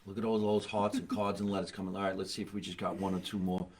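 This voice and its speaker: A man's voice: low voice, little pitch movement, quick pace, darkish tone, slight background noise. A middle-aged man hosting a casual comedy podcast, joking brashly and wrapping up with plugs and catchphrases. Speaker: podcast host.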